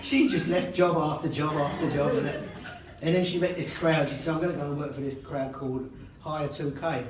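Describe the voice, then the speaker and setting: Brisk and with few pauses, an older man speaks in a high-ish voice with fairly even intonation. Giving the father-of-the-bride speech at an indoor reception, he makes fun of himself and laughs between lines, and the distant recording picks up noise and hall echo.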